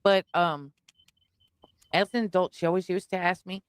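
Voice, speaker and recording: A woman's voice: on the low side, fairly even intonation, moderate pace, clean tone, no echo, studio quality. A woman in her forties, a guest on a stream, chatting casually in a laid-back, wry way. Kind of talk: casual chat.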